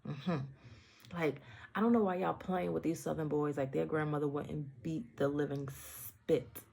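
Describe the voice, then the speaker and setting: Blunt, rambling woman with a low voice. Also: fairly even intonation, a little slow, gravelly, a little mellow. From the Bronx, New York. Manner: blunt, profane, with playful asides and self-interruptions. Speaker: vlogger. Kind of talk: casual rambling monologue.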